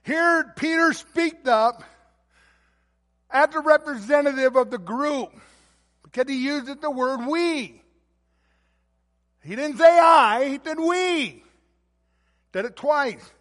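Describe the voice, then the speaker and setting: High-voiced man preaching in a reverberant hall. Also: slow pace, pauses often. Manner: emphatic preaching, swells louder on key words. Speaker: pastor. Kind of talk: sermon.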